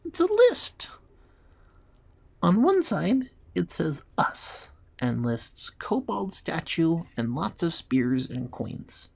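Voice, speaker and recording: Small male kobold, very high squeaky voice, gravelly, stammering, nervous and boastful, storybook creature. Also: wildly swooping pitch, takes it slowly, heavily acted. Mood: proud. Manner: shrill, stammering, hushed when scared.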